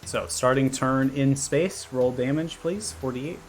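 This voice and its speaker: A man narrating a tabletop battle as game master, measured and full of fillers. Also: mid-range voice.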